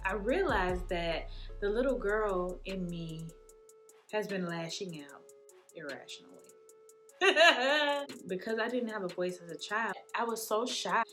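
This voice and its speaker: Animated young woman telling her story. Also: mid-range voice, slow pace, pauses often, soft background music. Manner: animated, laughs often, slips into playful voices. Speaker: vlogger. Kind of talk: candid personal storytelling.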